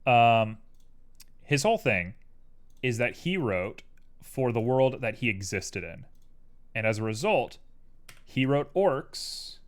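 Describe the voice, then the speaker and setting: A man's voice: mid-range voice, a little slow, pauses often. A young man streaming live while he works on a 3D model, chatting casually and wandering off on tangents. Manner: rambling, tangential, animated. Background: keyboard clicks and typing.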